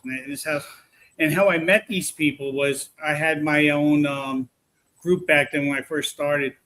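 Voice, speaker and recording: A man casually telling a long, rambling story about his paranormal investigations, full of restarts. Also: on the high side. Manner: rambling, animated retelling with restarts.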